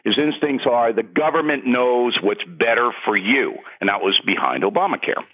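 A man's voice: medium pitch, lively intonation, moderate pace, phone-quality sound. A man who is an author and political commentator, talking as a guest in heated, emphatic commentary. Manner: emphatic, gets worked up, repeats for punch.

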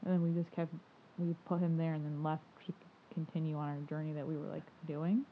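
Low-ish woman rambling w lots of "like", thin phone-line sound. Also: flat delivery, fast talker. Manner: rambling, full of "like" fillers, laughs easily. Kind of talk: casual chat. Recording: tinny phone-like line with faint noise.

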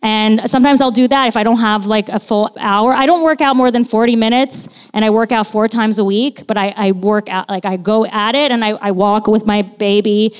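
Frank, clear-voiced woman in her forties. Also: mid-range voice, fairly even intonation. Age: 40s. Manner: frank and profane, quick restarts. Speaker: guest. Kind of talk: casual live podcast chat. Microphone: studio mic at a live show.

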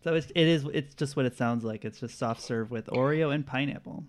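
A man hosting a casual quiz podcast, relaxed, chuckling often and filling pauses with uhs. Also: mid-range voice. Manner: laid-back, chuckling, with filler uhs. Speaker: quiz host.

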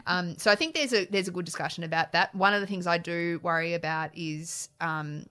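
A woman's voice: lowish voice, brisk, a bit bright, clear, resonant tone. An Australian woman politician answering interview questions in an earnest, frank way, often restarting her phrases. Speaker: politician, shadow minister.

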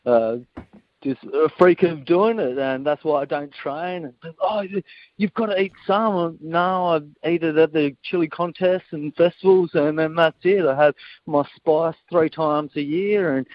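A man's voice: fairly high pitch, fairly even intonation, a little slow, dry recording, muffled recording. A cheerful man giving a radio interview as a guest, laughing easily. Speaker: guest, competitive chili eater.

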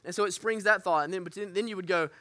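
This man has a high voice and talks fast, his tone bright and forceful, captured in clean studio sound without echo. He's a pastor teaching his congregation's group, sincere and open, self-deprecating, often starting sentences over.

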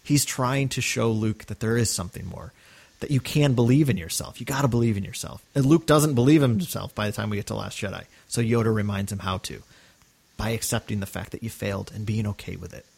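A man's voice: lowish voice, brisk, gravelly, darkish tone, breathy edge. A man co-hosting a podcast, talking earnestly and enthusiastically in casual chat, with many fillers and restarts. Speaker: podcast co-host.

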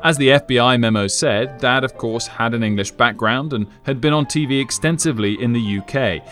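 A man giving measured, scripted documentary narration, explaining archival events. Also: mid-range voice, a bit bright, faint music behind.

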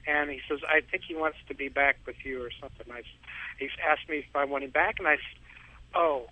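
A man's voice: fairly high pitch, steady tone, fast. A man calling in to a radio show, telling a long rambling story with frequent chuckles, heard over a tinny phone line. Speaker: caller.

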